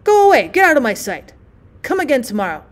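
A woman voicing a gruff male village doctor who scolds loudly. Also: fairly high pitch, sing-song, brisk. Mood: scolding. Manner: loud, scolding.

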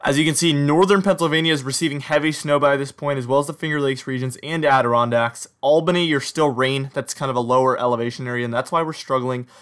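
This is a young American man with a light Southern lilt, talking viewers through a snowstorm forecast on radar maps. He sounds upbeat and chatty, with a voice that sits in a middle register and jumps up in pitch at each new time step. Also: fairly even intonation, fast, hardly any pauses, fairly bright tone. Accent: slight Southern or Mid-Atlantic American. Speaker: weather forecaster. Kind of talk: scripted-free weather forecast over radar maps.

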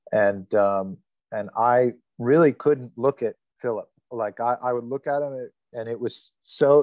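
Man in his thirties, lowish voice, candid storyteller, swears freely, dry dull lo-fi call audio. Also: no echo. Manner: candid, swears freely, laughs while telling stories. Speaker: actor interviewee. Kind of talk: casual anecdote telling. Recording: dry, slightly muffled lo-fi recording.

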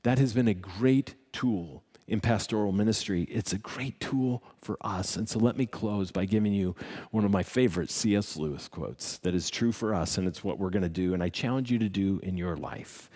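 A man preaching a sermon as pastor, telling a story with emphatic rises and closing in quiet prayer. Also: fairly low pitch, moderate pace, big-room sound.

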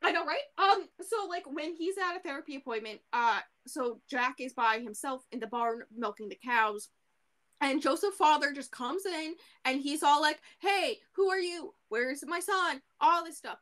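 A woman co-hosting a podcast, casually recapping a book in an animated way, full of fillers and the odd swear. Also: sits high, normal speed. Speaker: podcast co-host.

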